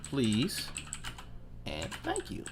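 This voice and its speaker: A man's voice: medium pitch, wildly swooping pitch, very slow, creaky, noisy background. A man hosting his own live stream in loose, rambling casual chat, swearing offhandedly and talking to himself as he clicks around.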